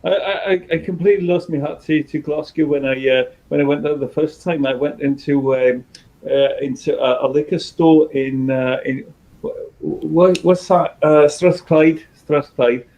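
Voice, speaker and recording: Mellow, friendly Danish man. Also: on the high side, muffled recording. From Denmark. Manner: friendly, rambling, halting. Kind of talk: casual livestream chat.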